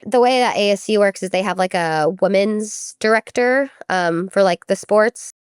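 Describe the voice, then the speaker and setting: A woman's voice: medium pitch, moderate pace, clear, resonant tone, dry recording, studio quality. A young adult woman, a former college gymnast, telling her story in a casual interview, chatty and full of filler words, acting out what others said. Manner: chatty, many "like" fillers, acts out quoted speech.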